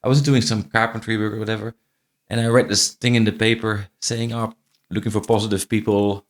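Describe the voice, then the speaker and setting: A franchise CEO guests on a podcast, telling stories in a casual interview. Middle-aged and not a native English speaker, he has a faint Irish-tinged accent and a lowish, level voice at a brisk pace. He restarts often and repeats phrases.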